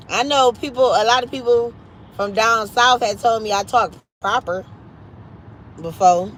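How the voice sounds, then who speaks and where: A woman's voice: a little high, unhurried, pauses often, a bit bright, slight background noise, rough recording. Chatty Midwest woman hosting a livestream. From Cleveland, Ohio, US Midwest. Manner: chatty, upbeat, plugs other channels, casual slang. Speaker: livestream host. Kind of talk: casual livestream chat. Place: at home.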